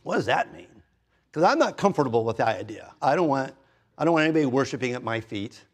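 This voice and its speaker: In a church sanctuary, a pastor in his fifties or older preaches an expository sermon conversationally and fast, with lively intonation. He adds self-deprecating asides and swings widely in pitch and loudness for emphasis.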